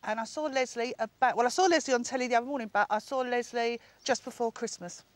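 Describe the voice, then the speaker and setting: A woman's voice: on the high side, steady tone, fast talker, no echo. A middle-aged woman, an actress being interviewed, talking freely and poking fun at herself. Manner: talkative, warm and self-mocking. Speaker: actress guest. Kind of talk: chatty interview. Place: on location at a soap set.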